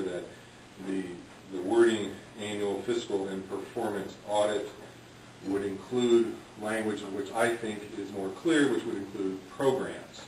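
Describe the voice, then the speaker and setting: Man, low voice, public commenter, hesitant, echoey council chamber, distant mic. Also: a little mellow, a little hiss or hum. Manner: halting, many fillers. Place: large government chamber.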